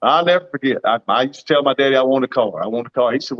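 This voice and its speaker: A man's voice: mid-range voice, lively intonation, racing, fairly bright tone, dull audio. A man in his fifties with a Southern US accent, a guest farmer telling folksy stories with a laugh in a casual livestream chat over a video call. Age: 50s. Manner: folksy storytelling, laughs often.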